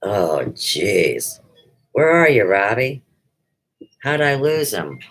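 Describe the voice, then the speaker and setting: A woman's voice: rumbling low, very animated, slow, faint music behind, rough recording. A middle-aged woman chats unscripted on her own livestream, taking her time and drifting from one thought to the next. She breaks off, circles back, and starts again. Her delivery is loose and conversational, with no polish. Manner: rambling, jumps between topics. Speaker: livestream show host. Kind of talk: unrehearsed casual livestream chat.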